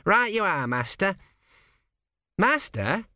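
A keen, cheerful young apprentice, as a male audiobook narrator puts him on, chirps up high with question after question. The voice sits well above the narrator's own. It is read in a dry, close booth. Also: sing-song, takes it slowly, pushed and bright, no room sound, exaggerated voice. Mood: eager. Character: plump eager young male apprentice, jokey. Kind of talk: audiobook character voice.

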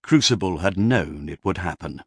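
A man's voice: deep voice, lively intonation, normal speed, slightly rough, no room sound. A man narrating a comic story in a dry, storytelling manner.

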